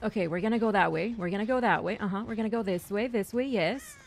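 A young woman streamer giving casual, excitable commentary on her own gameplay, chatty and repeating herself as she talks to her teammates. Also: mid-range voice, quick pace. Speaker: gaming streamer.

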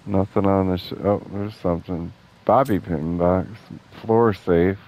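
A young gameplay streamer with a deep voice comments casually on his video game play at a steady, measured pace, and the sound is lo-fi. He jokes, gets sarcastic, and swears often.

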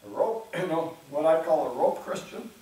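A man preaching a sermon as pastor in a church, talking in a conversational way, often clearing his throat and acting out imagined churchgoers. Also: on the high side, animated, moderate pace, warm tone, far from the mic. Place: church sanctuary. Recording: very echoey church room, speaker away from the mic.

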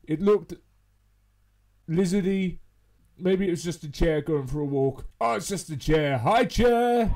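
A man with a high voice narrating his own horror game playthrough. He talks back to the monster and yelps at the scares, with his pitch swinging widely and his pace slow between frights. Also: lively intonation, a little mellow. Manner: jumpy, yelping, talks to the monster. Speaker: gamer. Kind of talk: horror game let's play commentary.

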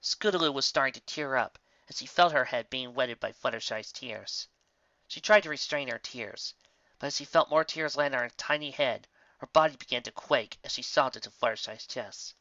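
A woman narrating a storybook tale in a steady, plain reading voice, in a slightly muffled lo-fi recording. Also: a bass voice, normal speed, no room sound. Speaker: fan fiction reader.

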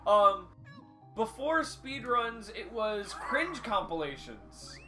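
A young man co-hosting a podcast in casual chat, an animated storyteller who swears freely and says "like" often. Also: sits high, takes it slowly, music in the background. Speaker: podcast co-host.

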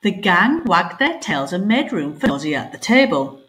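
A woman teacher reading a story aloud to her pupils, expressive and animated. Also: lowish voice, normal speed, a little hiss or hum. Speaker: primary school teacher. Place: home.

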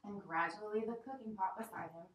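A woman teacher reading a story aloud to her class in an expressive, dramatic storytelling manner. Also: medium pitch, a little fast, a little hiss or hum. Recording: echoey classroom from far off.

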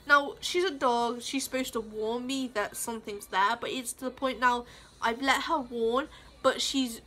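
A woman's voice: sits high, sharp tone. A woman vlogging in a casual, heated rant, rambling with lots of swearing and fillers. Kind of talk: casual ranting vlog.

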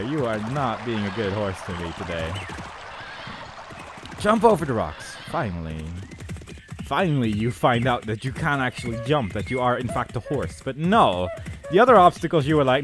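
A man's voice: medium pitch, very animated, moderate pace, noisy background. A young man doing comedic game commentary, exasperated and sarcastic, complaining melodramatically at the game. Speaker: let's play commentator.

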